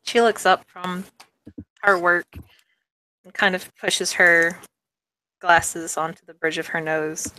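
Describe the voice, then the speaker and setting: A woman's voice: on the low side, steady tone, slow, long pauses, bright, forceful tone, rough recording. A woman game master narrating a tabletop game casually and bluntly. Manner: blunt, swears freely.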